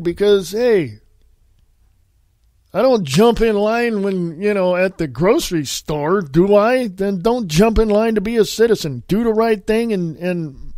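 A podcast host with a blocked, sniffly nose and a voice set a little high for a man. He talks casually but gets heated, blunt and profane. The sound is dry and close, with no room around it. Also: darkish tone, no room sound. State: stuffy nose from sinus infection and allergies. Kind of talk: casual political podcast rant.

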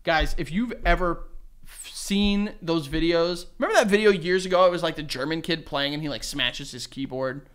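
This podcast co-host speaks at a normal speed in a smooth, slightly high voice. His casual storytelling is animated, packed with acted-out quotes and plenty of laughter.

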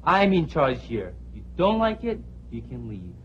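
A man's voice: mid-range voice, huge pitch swings, measured pace, lo-fi sound, a little hiss or hum. An actor playing a bossy, domineering male student who puts himself in charge. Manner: cold, bossy. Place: low-budget film scene.

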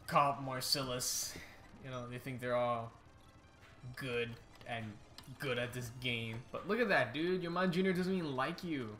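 A young man hosting a casual let's-play, excitable and rambling, often restarting his sentences. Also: medium pitch, a little slow, faint music behind. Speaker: YouTube gaming host.

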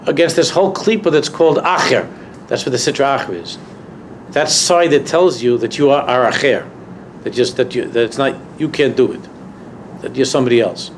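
Gravelly, emphatic rabbi lecturing. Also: male voice, medium pitch, fairly quick, a little hiss or hum. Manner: emphatic, repeats key phrases, rising to impassioned peaks. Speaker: rabbi teaching a text class. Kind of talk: Torah lecture to students. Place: university lecture room.

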